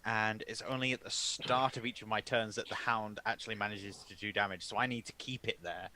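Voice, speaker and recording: A man's voice: fairly low pitch, steady tone, a little fast, sharp tone, slight background noise. A man playing a tabletop game, talking in a playful, jokey way and stumbling over his words now and then. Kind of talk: casual game table chat.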